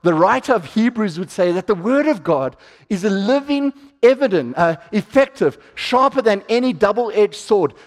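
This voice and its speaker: A man's voice: high-pitched, lively intonation, moderate pace. A man preaching a sermon, talking with the congregation, asking them questions and acting out what people say. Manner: conversational, asks the congregation questions, acts out quotes. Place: church hall. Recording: reverberant church hall.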